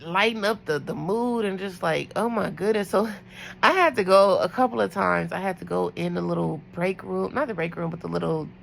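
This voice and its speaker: A young woman with a deep, heavily gravelly voice tells a long story from her nursing shift in a chatty, casual way. She jumps up in pitch to act out what others said. A faint noise sits behind her. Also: normal speed, poor audio. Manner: chatty, acts out quotes in higher voices. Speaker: night nurse vlogger.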